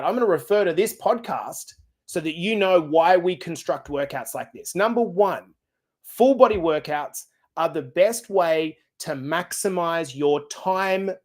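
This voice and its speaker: A middle-aged man hosting a fitness podcast, coaching listeners in an energetic, direct and casual way. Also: sits high. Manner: energetic, direct, casual and blunt with occasional swearing. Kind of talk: podcast monologue.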